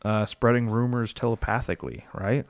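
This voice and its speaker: A man's voice: mid-range voice, fairly even intonation, moderate pace, gravelly, no echo. A man chatting casually on a livestream as he builds a game character, thinking aloud, reading rules text and answering his chat.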